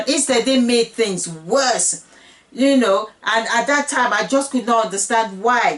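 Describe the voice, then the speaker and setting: A woman's voice: a little high, a little slow, distant mic. A woman hosting her own channel, teaching a Bible story in an earnest, personal way and often repeating her phrases. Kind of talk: casual Bible teaching monologue.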